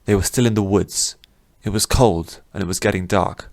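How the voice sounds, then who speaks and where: A man narrating a fantasy audiobook in a measured, even manner. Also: low voice, no room sound, clean studio sound.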